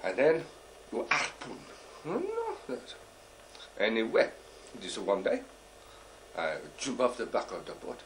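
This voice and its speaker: A man playing a bumbling, boastful male deep sea diver who tells a comic story in halting, broken English, rambling and full of fillers. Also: huge pitch swings, slight background noise, full character voice. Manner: rambling, full of "uh" and "you know". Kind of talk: character stand-up monologue.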